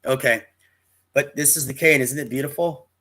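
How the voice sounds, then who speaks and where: A man's voice: medium pitch, normal speed, sharp tone. A man in his fifties casually telling a personal story to camera, rambling and often restarting his sentences. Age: 50s. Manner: rambling, with frequent restarts and self-corrections.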